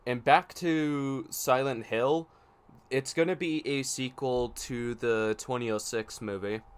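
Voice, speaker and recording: Smooth-voiced man chatting on a podcast. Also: medium pitch, slow pace. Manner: enthusiastic, makes predictions, frustrated by tech issues. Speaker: podcast co-host. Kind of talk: casual podcast chat.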